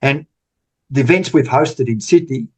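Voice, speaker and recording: A man's voice: mid-range voice, moderate pace, husky. A man in his sixties, a podcast guest telling stories in casual talk, rambling and repeating words. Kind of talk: casual storytelling interview.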